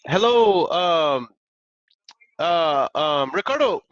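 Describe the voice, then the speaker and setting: An excitable young man hosts a live stream in a slangy, upbeat way, with a slightly high voice. The sound is dry and close, a bit dull and lo-fi. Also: takes it slowly, no echo. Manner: excitable, slangy, laughs often. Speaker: live-stream host making real estate calls. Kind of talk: casual live-stream chat.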